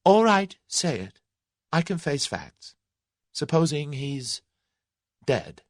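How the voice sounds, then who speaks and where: A proud young woman with a quick temper, as a man puts her on for an audiobook, her voice pitched high and swinging widely as she snaps back. She fires off sharp, indignant retorts, in a close and dry recording. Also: big pitch swings, dry recording, heavily acted. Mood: spirited.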